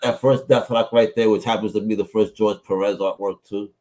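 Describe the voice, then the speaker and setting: A male podcast host who chats in a relaxed, slangy way and swears freely. He launches into anecdotes in a familiar, unpolished tone, like talking to an old friend. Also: lowish voice, brisk. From Puerto Rico. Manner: loose and profane, slangy storyteller. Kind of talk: casual chat.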